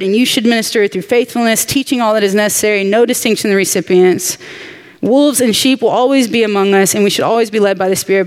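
An earnest woman leads a women's Bible study with heartfelt, chatty teaching. She talks warmly and directly to the group, and jet lag has left her sounding a little tired. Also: mid-range voice. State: jet lagged.

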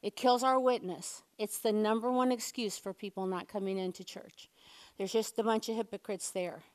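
A woman giving a lively, playful sermon, chatting with the congregation and leading them in call-and-response. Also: mid-range voice, normal speed. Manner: playful, chatty, uses props and leads the room. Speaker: church speaker.

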